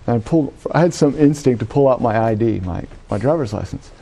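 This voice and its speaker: A middle-aged man from Louisiana, a Catholic priest, giving an animated personal testimony and acting out the voices he quotes. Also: mid-range voice, a little fast, gravelly, few pauses, husky. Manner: animated storytelling, acts out quoted voices, frequent "right?". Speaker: Catholic priest telling his vocation story.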